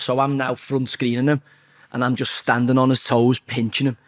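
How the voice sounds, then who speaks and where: A man telling a blunt, sweary story as an interview guest, talking fast and animated. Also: medium pitch. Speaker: interview guest, former footballer.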